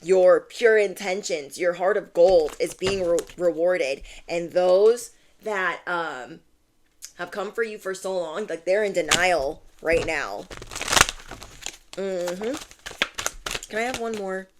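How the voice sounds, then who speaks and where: A young adult woman does a casual tarot reading for her viewers, bubbly and gushing, her chatter full of "like" and "oh my gosh." Her voice is lowish and slow-paced, with a noisy background.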